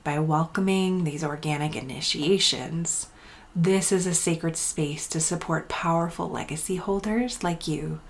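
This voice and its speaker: A woman in her thirties hosting a spiritual healing podcast, talking softly and often dropping to a whisper, with blunt swearing mixed in. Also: sits low, a little hiss or hum. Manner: soft, breathy delivery slipping into whispers, blunt swearing. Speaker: podcast host and healing coach. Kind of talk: intimate spiritual podcast talk.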